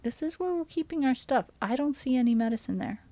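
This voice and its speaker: A woman streamer giving casual commentary while she plays a game, thinking aloud and often dropping to a soft mutter. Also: high voice, animated, fast, dry recording.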